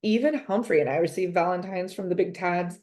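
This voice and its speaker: A woman reading a children's chapter book aloud, gentle and expressive, in first person. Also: on the low side, brisk. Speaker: reader. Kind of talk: storybook read-aloud.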